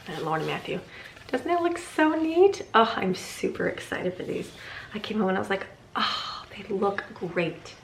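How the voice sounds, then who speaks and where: A woman's voice: mid-range voice, sing-song, a little fast, vocal fry. A middle-aged woman vlogging from her home in a chatty, rambling way, laughing often. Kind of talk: casual chat. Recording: echoey room with faint ambient noise.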